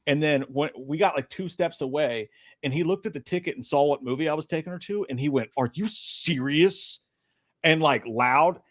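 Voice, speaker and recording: A man's voice: on the high side, brisk. A man co-hosting a live movie talk stream, swearing a lot and telling stories with energy. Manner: profane, animated storytelling. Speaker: podcast co-host. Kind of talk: casual live-stream chat.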